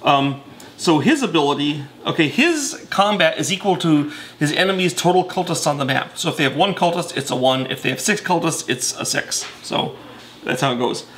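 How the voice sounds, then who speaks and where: A man with a slightly higher voice walks through board game rules in a relaxed, conversational way. He stumbles, corrects himself and leans on fillers as he explains each piece. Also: normal speed, slight background noise. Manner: chatty, self-correcting, with many fillers.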